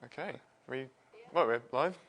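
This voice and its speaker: A physicist hosting a science livestream over a wireless mic chats casually and laughs often at his own expense. His mid-range voice is unhurried and a bit bright.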